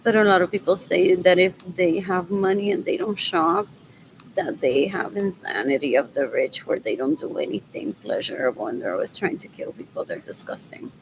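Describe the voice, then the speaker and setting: A woman's voice: fairly low pitch, moderate pace, background noise. A woman vlogging in a rambling monologue, repeating herself, drifting between thoughts and muttering asides with Spanish words mixed in.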